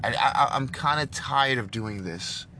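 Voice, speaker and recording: A man in a car delivering an impassioned, preachy monologue, swinging between loud outbursts and low hushed lines. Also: measured pace, noisy background.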